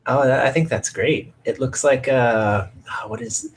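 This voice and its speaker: A man with a mid-range voice chats in a relaxed, encouraging way as a stand-in podcast co-host. He talks while drawing, with faint noise in the background. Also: mid-range voice, unhurried, low-quality recording. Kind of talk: casual chat while drawing.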